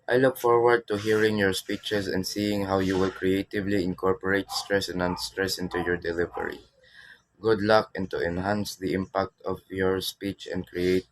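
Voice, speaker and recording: A man's voice: sits low, no echo. A man teaching a class, reading a prepared lecture and correcting himself now and then. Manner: reads prepared text, with restarts.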